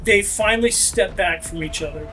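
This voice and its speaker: A man as game master, narrating a tabletop role-playing fight with energetic delivery and shouted sound effects. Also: high-pitched, normal speed, soft background music.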